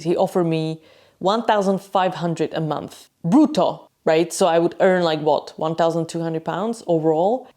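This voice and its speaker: A woman's voice: on the low side, dark tone. A woman vlogger telling a candid story in a frank, chatty way, swearing freely.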